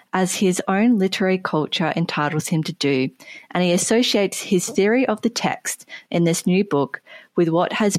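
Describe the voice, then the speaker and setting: A woman with a lowish voice reads a book review aloud on a podcast in a measured, dry way. Her voice sounds close and dry, with no room around it. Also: a little mellow, dry recording. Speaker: podcast co-host.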